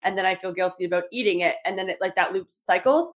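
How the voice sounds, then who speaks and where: Fast-talking chatty woman podcaster. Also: lowish voice. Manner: chatty, lots of "like" fillers, acts out quotes. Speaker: podcast host. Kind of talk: casual solo podcast talk.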